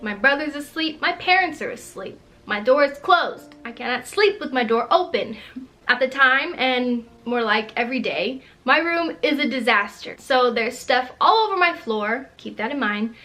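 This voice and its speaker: Bright, high-voiced young woman vlogger. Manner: animated, laughs often while telling the story. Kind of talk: storytime vlog.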